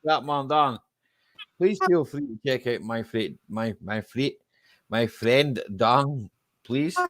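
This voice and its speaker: A man's voice: mid-range voice, takes it slowly, fairly bright tone, dry recording, studio quality. Teasing man hosting a chat stream. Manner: teasing, jokey banter. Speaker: live-stream chat host. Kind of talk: casual live-stream chat.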